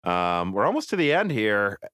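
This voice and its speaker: A lower-pitched man hosts a casual tech podcast, his voice rising and falling in a lively way. He rambles and often cuts himself off mid-thought. The recording is close and dry. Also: moderate pace, clean tone, no echo. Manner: animated, rambling, self-interrupting. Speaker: podcast host.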